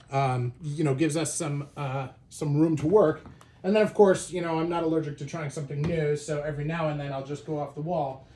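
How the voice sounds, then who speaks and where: A man's voice: a little high, a little mellow. A man hosting a casual show-and-tell vlog, talking in a loose conversational way with frequent fillers and restarts. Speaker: shoe collector and channel host.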